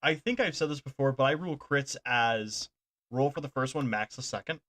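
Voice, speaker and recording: A man's voice: medium pitch, a little fast, a bit bright. A man running a tabletop game as dungeon master, talking casually, laughing and swearing a little.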